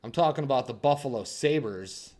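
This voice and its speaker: A young man hosting a hockey channel, giving casual sports commentary and teasing his viewers, swinging between loud hype and quiet asides. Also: mid-range voice, lively intonation, moderate pace.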